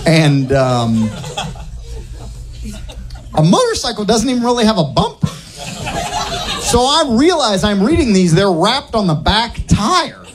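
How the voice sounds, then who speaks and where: A man doing a stand-up comedy set, telling a rambling absurd story in a deadpan way. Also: high voice, a little slow, pauses often, noisy background.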